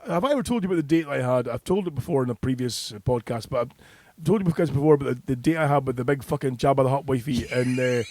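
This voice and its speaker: A man's voice: mid-range voice, quick pace, a little mellow, no echo. A middle-aged Scottish man telling a rowdy anecdote on a podcast, swearing freely and laughing between lines. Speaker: podcast co-host. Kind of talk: casual podcast chat.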